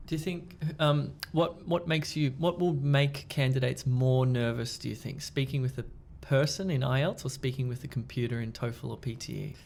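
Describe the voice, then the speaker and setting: A man co-hosting a casual chat, with a gravelly, creaky edge to his voice. He talks in a relaxed, halting way, with frequent ums and restarts while he works out his questions. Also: medium pitch. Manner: relaxed, hesitant with many fillers and restarts. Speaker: podcast co-host. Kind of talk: casual discussion.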